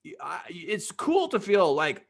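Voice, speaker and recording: A middle-aged man running a playful, animated online training session for young people. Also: high voice, unhurried, gravelly. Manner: animated, playful, talks straight to young viewers. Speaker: youth trainer. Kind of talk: live online training for kids.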